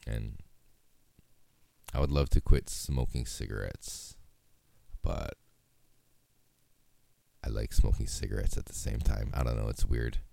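Very deep gravelly laid-back man. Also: unhurried, pauses often, dark tone, no echo. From Hawaii. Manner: laid-back, rambling, heavy swearing. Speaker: podcast host. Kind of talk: casual solo podcast chat.

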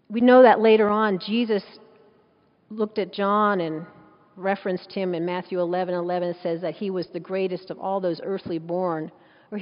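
A woman preaching a sermon in an emphatic, conversational way, full of rhetorical questions, with a dull sound in a large echoing hall. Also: medium pitch.

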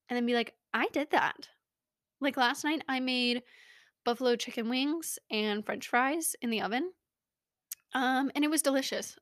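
A woman's voice: fairly high pitch, fairly bright tone, no echo. Bubbly rambling young woman, dry close mic. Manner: rambling, self-mocking, bubbly. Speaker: podcast host. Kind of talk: casual chat. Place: small home studio.

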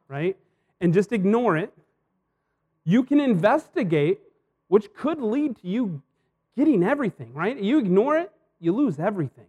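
High-voiced man preaching conversationally. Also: sing-song, normal speed, long pauses. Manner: conversational, anecdotal preaching with frequent "right?" asides. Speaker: pastor. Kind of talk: sermon.

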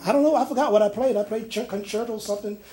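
Man preacher with a high voice, loud and then quiet, telling stories from the pulpit. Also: rapid-fire. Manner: swings between loud preaching and quiet storytelling; many restarts and fillers when telling stories. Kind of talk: sermon. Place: church.

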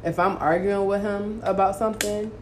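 A woman in casual group chat, telling stories in an animated, profane way. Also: mid-range voice, normal speed, noisy background. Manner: animated storyteller, swears freely.

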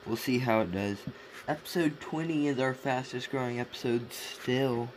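A tired young man co-hosts a late-night podcast from a home basement. He speaks quietly and drily in short remarks at a middle pitch. A clear hiss runs under his voice. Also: moderate pace, low-quality recording. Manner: dry, quiet and brief. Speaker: podcast co-host. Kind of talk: casual chat.

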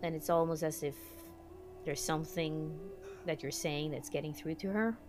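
A woman player narrating her character's actions in a tabletop game, slow and deliberate. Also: low-pitched. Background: music.

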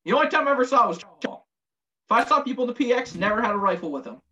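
High bright-voiced man, profane storyteller. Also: very fast, muffled recording. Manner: profane, animated storytelling with acted quotes. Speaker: former Marine telling war stories. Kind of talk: casual chat.

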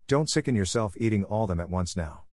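A stern older spinster woman, brisk and tart as she scolds, as a male storybook reader puts her on. Her voice sits lowish and is recorded close and dry. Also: expressive, darkish tone, no room sound. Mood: scolding.

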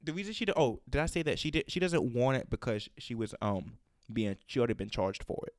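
A man hosting a casual chat, telling animated stories and acting out callers' lines. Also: medium pitch, fast, no room sound, clean studio sound. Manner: animated storyteller, acts out callers' quotes. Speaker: podcast host.

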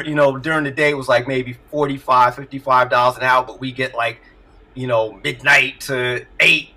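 A middle-aged man, a music producer, telling stories in an animated way and laughing often during a casual interview over a video call. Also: medium pitch, low-quality recording. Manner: animated storyteller, laughs often, acts out voices.

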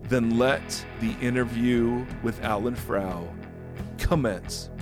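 A man hosting a podcast, chatting casually and joking, with frequent quick restarts. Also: medium pitch, over loud music. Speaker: podcast host.

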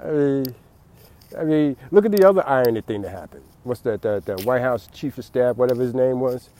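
A man's voice: mid-range voice, animated, fairly quick, warm tone. A man giving a late-night rambling monologue, repeating words and laughing at his own jokes.

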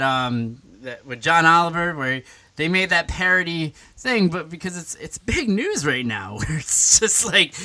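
Male podcast host, high pitch, bright tone, chatty and rambling, restarts a lot. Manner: rambling, self-interrupting, laughing. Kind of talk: casual comedy podcast chat.

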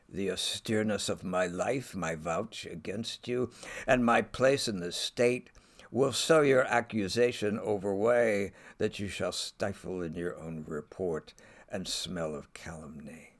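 A man reading aloud the lines of a cold, menacing official, delivered quietly. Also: on the low side, takes it slowly. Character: cold, menacing official threatening a young woman.

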